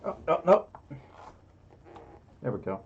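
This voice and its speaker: A man's voice: a little high, heavy background noise. A man hosting a casual livestream, chatty and giggly, reading out donations through a muffled mic. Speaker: livestream host. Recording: muffled lo-fi audio.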